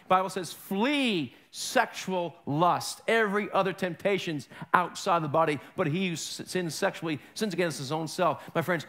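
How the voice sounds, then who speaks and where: A male pastor preaching a sermon in an animated way, acting out voices with humor. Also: high voice.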